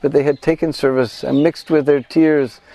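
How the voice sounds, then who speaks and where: A man guiding a pilgrimage, telling a devotional story in an animated way and acting out the quoted voices. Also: fairly high pitch, normal speed, dry recording. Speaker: pilgrimage guide and devotional speaker. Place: at a shrine on pilgrimage.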